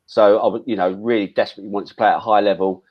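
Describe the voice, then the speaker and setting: A man's voice: fairly low pitch, fairly even intonation, very fast, highs cut off. A middle-aged man telling old football stories in an interview, chatty, with lots of restarts and casual swearing. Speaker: former footballer guest.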